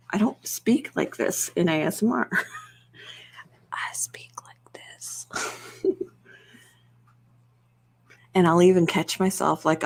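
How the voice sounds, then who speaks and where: A young woman with a slightly low voice chats in an easy, rambling way. She is soft-spoken and laughs often as she goes. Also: a little hiss or hum. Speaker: ASMR channel host. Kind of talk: casual chat on a livestream.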